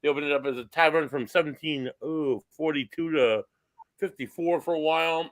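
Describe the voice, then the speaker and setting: A male podcast co-host talks through a historic inn, halting often with fillers and restarts. His voice sits a little high. The sound is close and dry. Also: dry recording, low-quality recording. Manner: halting, filler-heavy, informative. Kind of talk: casual chat.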